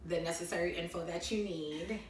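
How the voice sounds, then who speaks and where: A young adult woman co-hosts a podcast from a living room couch, chatting casually in a sassy, teasing way while eating. Her voice is lowish and brisk with fairly even intonation, a crowd audible behind her. The room is echoey, the mic distant, with faint noise.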